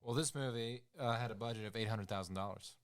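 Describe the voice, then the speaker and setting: A man's voice: mid-range voice, fast, background noise. A man co-hosting a podcast, reacting dryly and giving a hesitant take on a film. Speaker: podcast co-host. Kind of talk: casual podcast chat.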